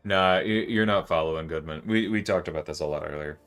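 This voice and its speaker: A man's voice: sits low, a little fast, fairly bright tone, clean tone, faint music behind. A man casually chatting with viewers on a game livestream, laughing often and explaining game mechanics. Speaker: livestream gamer.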